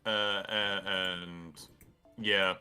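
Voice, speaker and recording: A man's voice: low-pitched, flat delivery, drawn-out words, pushed and bright, clear, resonant tone. A man from Germany in casual chat, rambling with lots of fillers and swearing freely.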